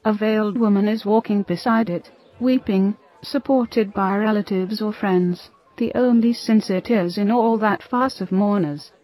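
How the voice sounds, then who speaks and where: A woman narrating a religious story in a steady, reverent reading. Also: medium pitch, unhurried, few pauses, poor audio.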